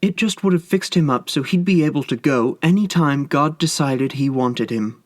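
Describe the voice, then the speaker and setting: A man's voice: a little high, normal speed, no room sound, voice pushed up, close to an everyday voice. A man voicing a tearful, devoted wife who soothes and pleads with her husband. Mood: soothing. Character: tearful devoted wife, middle-aged woman.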